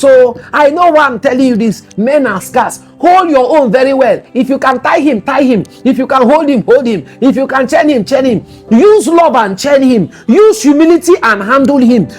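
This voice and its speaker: A Nigerian man giving a motivational talk, emphatic and repetitive, with teasing asides. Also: very high voice. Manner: emphatic, repetitive and teasing, sliding into mocking voices. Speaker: motivational speaker.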